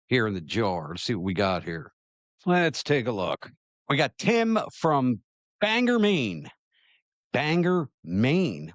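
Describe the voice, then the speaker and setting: A man's voice: mid-range voice, fairly bright tone, dry recording. Chatty self-deprecating man hosting. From Maryland. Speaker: show host. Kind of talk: casual monologue to camera.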